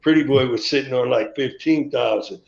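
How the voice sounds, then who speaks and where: A man with a gravelly voice tells a long, winding story on a live stream and acts out the words of everyone in it. His pitch sits in an average range. The sound is dull and lo-fi, with a roomy echo around it. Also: moderate pace, darkish tone. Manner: rambling, acts out quoted dialogue. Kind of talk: storytelling memories. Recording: echoey, dull lo-fi stream audio.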